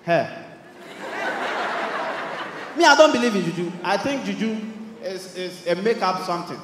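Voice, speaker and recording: A young Ghanaian stand-up comedian with a Ghanaian English accent and a very high-pitched voice. He performs in an animated way, acting out characters and shouting punchlines. His voice rings through a large, echoey hall with faint noise behind it. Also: normal speed. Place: large hall with live audience.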